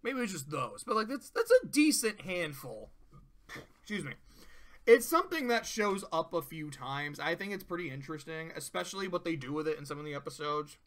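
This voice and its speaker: A cartoon reviewer retells an episode in casual commentary, rambling and swearing freely in an animated way. The voice is medium-pitched and a little fast.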